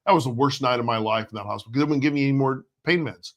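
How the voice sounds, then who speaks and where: A man's voice: mid-range voice, racing, a bit bright. Middle-aged guy from north carolina, joking co-host, blunt wisecracks, casual chat. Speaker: co-host, husband of the host.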